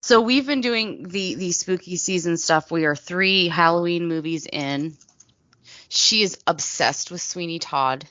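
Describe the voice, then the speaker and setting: A woman's voice: fairly low pitch, unhurried, a bit bright, no echo, dull audio. A woman with a Texan accent, co-hosting a podcast in casual chat with a playful, teasing manner. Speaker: podcast co-host.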